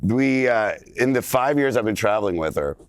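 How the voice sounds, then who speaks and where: A man, a comedian guest on a morning TV show, who tells his stories with animated energy and jumps into high voices to act out what other people said. His voice sits a little low, and the studio sound is dry and close. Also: normal speed, dry recording. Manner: animated storyteller, acts out quotes in high voices. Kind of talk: casual morning TV chat.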